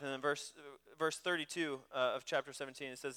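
Guy preaching a sermon, chatty, keeps restarting words, crisp voice, big echoey hall. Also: fairly high pitch, fairly quick, hardly any pauses, bright, forceful tone. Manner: conversational, repeats and restarts words often. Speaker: pastor.

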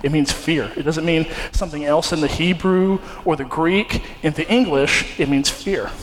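Casting: young man, fairly high voice, earnest conversational preacher, hall reverb. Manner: earnest, conversational, many fillers and restarts. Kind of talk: sermon with personal story. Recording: long hall reverb, faint ambience.

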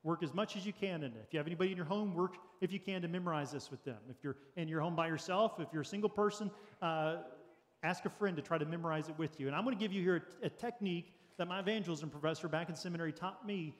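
A man's voice: on the high side, quick pace, big-room sound. A man preaching a sermon as pastor, earnest and practical, with light jokes for the congregation. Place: church sanctuary.

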